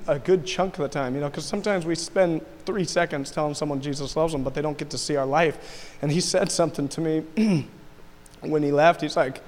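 A man's voice: fairly high pitch, fairly even intonation, normal speed. A man recounting a trip to a group in a casual, rambling way with many restarts and laughs. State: tearful. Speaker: mission trip member. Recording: long hall reverb.

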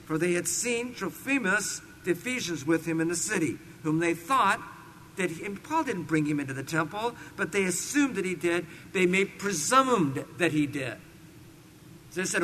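Bright-voiced guy preaching a sermon, slow emphatic scripture reading, big echoey church hall, faint room hum. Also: high-pitched, expressive. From California. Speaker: pastor. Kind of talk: expository sermon. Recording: long reverb in a large hall.

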